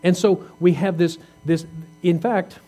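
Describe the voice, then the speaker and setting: A man's voice: high-pitched, steady tone, measured pace, dark tone. Man preaching a conversational sermon. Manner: conversational preaching with questions to the congregation. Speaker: pastor.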